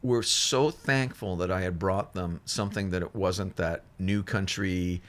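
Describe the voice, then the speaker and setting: Deep-voiced man telling studio stories. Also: measured pace. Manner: rambling, with many restarts and fillers; acts out other people's lines in shifted voices. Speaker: musician guest. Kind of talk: casual storytelling.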